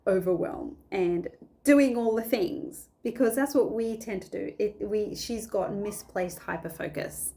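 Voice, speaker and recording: Woman rambling casually at home, warm mellow tone, keeps restarting her sentences. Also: mid-range voice, a little slow. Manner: rambling, self-interrupting, many restarts. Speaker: faith vlogger. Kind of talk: casual reflective chat on a Bible story.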